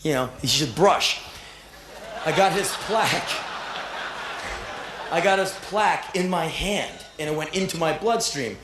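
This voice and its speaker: A man in his thirties performing live spoken word, telling a story in an animated, profane, self-mocking way and acting out the voices of others. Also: fairly high pitch, moderate pace, hardly any pauses, reverberant, background noise. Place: stage before a live audience.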